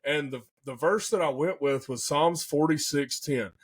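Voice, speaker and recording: An excitable young man with a somewhat high-pitched voice tells a hunting tale in loose, folksy podcast chat. He gets animated and carried away as he talks. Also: normal speed, slightly rough. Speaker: podcast hunter telling a hunt story. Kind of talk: casual storytelling chat.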